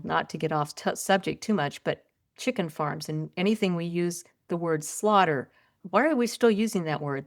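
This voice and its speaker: An older woman, a podcast guest, telling stories in a lively, conversational way and often raising her voice when she quotes herself. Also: fairly low pitch. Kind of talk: conversational storytelling.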